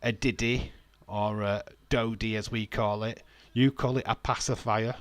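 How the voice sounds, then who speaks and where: A man's voice: fairly low pitch, steady tone, unhurried, no echo. A British man hosting a casual live watch-along, bantering and reading chat comments aloud with frequent laughs. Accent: British English. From England.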